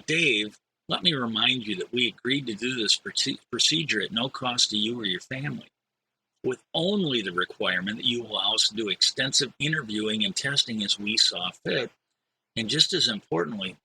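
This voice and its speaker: A man reading aloud as a calm, measured male doctor pressing a patient. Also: medium pitch, slight background noise, rough recording.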